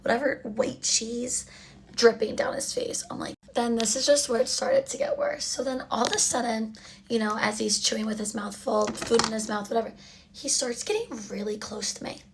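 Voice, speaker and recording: A young woman with a slightly high voice tells a story in a casual, chatty monologue. She is blunt and uses plenty of fillers. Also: expressive, normal speed, noisy background.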